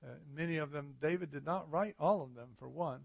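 Pastor guy giving a sermon, kinda high gravelly voice, dry sound, chatty and earnest. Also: brisk, no echo. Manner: conversational, earnest preaching with fillers.

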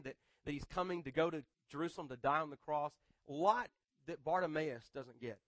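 A man's voice: a little high, no echo. A man preaching a sermon in a conversational way, often repeating words and adding humorous asides. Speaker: pastor.

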